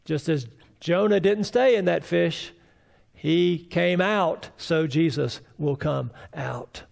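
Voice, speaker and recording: A man's voice: a little high, slow, creaky, darkish tone. A man preaching a sermon as pastor, building to fervent, rising declarations. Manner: preaching with rising fervor and mock voices of doubters.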